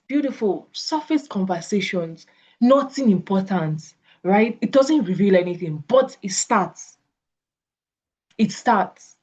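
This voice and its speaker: A woman's voice: mid-range voice, moderate pace, slightly rough. Nigerian woman coaching, acting out dialogues. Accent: Nigerian English. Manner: animated, acts out both sides of conversations. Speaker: network marketing coach. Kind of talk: coaching talk with acted example dialogues. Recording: slightly dull lo-fi audio.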